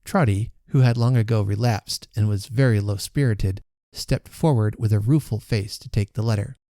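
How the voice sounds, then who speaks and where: A man who hosts a podcast, reading a classic story aloud in a calm, measured way. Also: lowish voice, no echo, clean studio sound. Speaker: podcast host reading a book. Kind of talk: audiobook-style narration.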